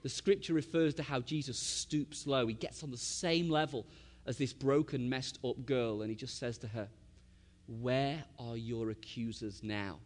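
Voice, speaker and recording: A man, preaching a sermon and telling a family story, swinging from loud to hushed. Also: mid-range voice, normal speed, in a large hall.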